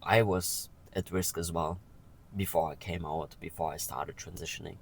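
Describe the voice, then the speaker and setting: A man talking earnestly and with feeling in a personal vlog, pausing often to say "okay". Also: deep voice, fairly even intonation, creaky, slight background noise, rough recording. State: emotional. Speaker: vlogger.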